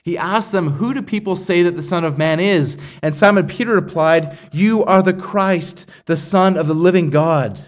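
A middle-aged man preaching a sermon, earnest and emphatic, reading scripture aloud with slow, weighted pauses. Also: on the high side.

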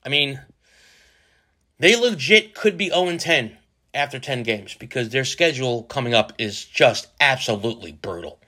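A man's voice: medium pitch, lively intonation, moderate pace, pushed and bright. A man, hosting a casual solo podcast and rambling jokily, with a lot of profanity and restarts. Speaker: podcast host.

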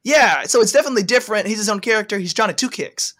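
A man's voice: high-pitched, animated, racing, fairly bright tone. A man from Texas hosting a podcast in casual chat, rambling and playful, often trailing off into filler words. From Texas, United States. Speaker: podcast host.

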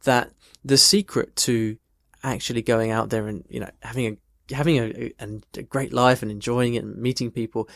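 A man's voice: medium pitch, steady tone, normal speed, vocal fry, few pauses, dry recording, studio quality. A man from the United Kingdom, an English teacher casually explaining and answering a listener's question in a thoughtful, conversational way. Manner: thoughtful, conversational, tells personal stories.

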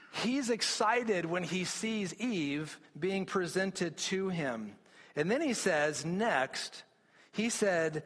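Guy pastor preaching, kinda high voice, lots of restarts, big echoey church sound. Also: fairly bright tone. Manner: earnest, explanatory preaching with frequent restarts. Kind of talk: sermon. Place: church sanctuary. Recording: long reverb of a church hall.

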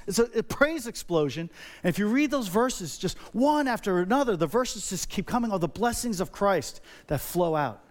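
A middle-aged male pastor preaching a sermon, emphatic and repetitive, building energy by repeating phrases. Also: sits high.

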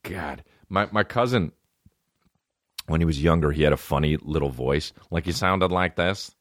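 A man's voice: rumbling low, moderate pace, no room sound, clean studio sound. A man hosting a podcast alone, telling rambling, profane comic stories. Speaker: podcast host. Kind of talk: comedic storytelling.

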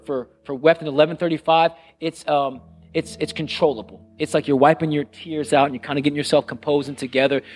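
A middle-aged man preaching a sermon as pastor, earnest and conversational, repeating phrases and dropping to a hush on solemn lines. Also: a little high. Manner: drops to a hushed voice on solemn lines.

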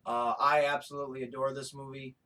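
A man co-hosting a podcast in casual chat, talking in a rambling, excitable way with plenty of swearing. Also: medium pitch, a little fast, rough recording. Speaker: podcast co-host.

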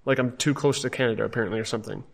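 A man's voice: mid-range voice, fairly even intonation, rapid-fire, creaky. A man from Wisconsin telling a story in casual podcast chat, acting out the people he quotes. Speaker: podcast co-host.

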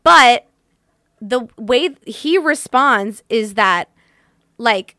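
A woman's voice: a little high, lively intonation, drawn-out words, pushed and bright, no echo, studio quality. A woman in casual conversation, talking bluntly and with indignation, and swearing casually. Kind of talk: casual book discussion chat.

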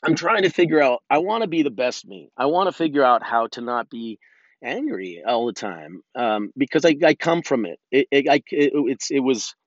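A man's voice: mid-range voice, animated, moderate pace, dry recording, lo-fi sound. A man hosting a podcast alone, talking candidly and in a rambling way, swearing often and restarting his sentences. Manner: candid, self-reflective. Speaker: podcast host. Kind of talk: casual solo podcast monologue.

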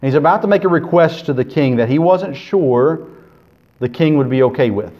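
A man preaching a sermon as pastor, earnest, swinging between loud emphasis and quiet, intimate asides. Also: fairly high pitch, lively intonation, normal speed. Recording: dull lo-fi sermon recording.

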